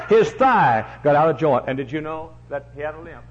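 A man's voice: fairly high pitch, a little fast, slightly rough. Folksy male pastor preaching a sermon. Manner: folksy, animated storytelling. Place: church. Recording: dull lo-fi recording.

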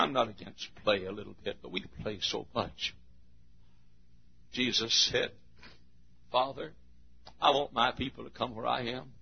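Pastor, male, husky raspy voice, fervent sermon delivery with big swings in loudness. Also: fairly high pitch, dull audio. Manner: swings from shouting and singing to hushed, intimate talk.

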